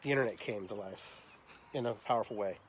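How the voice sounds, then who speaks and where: A man's voice: lowish voice, brisk, a little hiss or hum. A man in his fifties, a podcast host, telling stories in a casual way and acting out the people in them. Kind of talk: casual storytelling interview.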